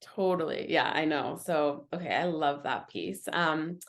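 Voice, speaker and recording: A young adult woman hosting a podcast as a nutrition coach, chatting agreeably and often pausing with um and you know. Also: sits low. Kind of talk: casual podcast conversation.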